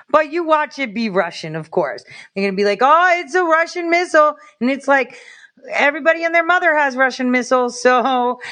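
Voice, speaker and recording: An excitable woman talks off the cuff on a live stream. She rambles from one thought to the next and tosses in quick asides to her chat. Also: high voice. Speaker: livestreamer. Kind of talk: casual live-stream commentary.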